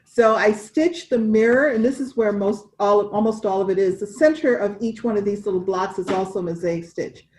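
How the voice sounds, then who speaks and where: A woman's voice: medium pitch, normal speed, hardly any pauses, darkish tone, poor audio. A woman co-hosting a casual cross-stitch chat, chatty and wandering, with restarts. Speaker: cross-stitch podcast co-host.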